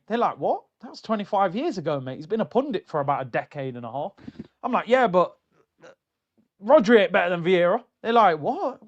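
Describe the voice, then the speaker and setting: On a football fan channel stream, an animated male host reads viewer comments in a casual rant, mocking them and jumping into high-pitched exclamations. The recording has its highs cut off.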